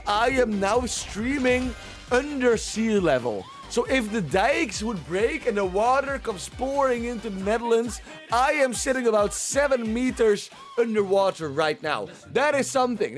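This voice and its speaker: A man hosting a livestream, chatting casually and rambling, often repeating himself as he talks to his chat. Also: extremely high pitch. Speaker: livestream host. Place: at home, streaming.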